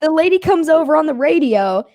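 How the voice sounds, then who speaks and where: Young woman chatting, higher voice, super dry, tells it animated, swears, laughs a lot. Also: fairly quick, no room sound. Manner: animated, acts out quotes, laughs, swears casually. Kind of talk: casual storytelling.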